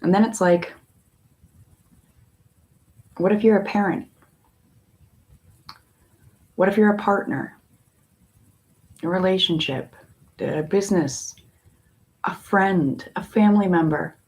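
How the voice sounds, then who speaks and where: A woman tarot reader in a casual spiritual talk, musing in a slow, meandering way with long pauses. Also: fairly low pitch, darkish tone.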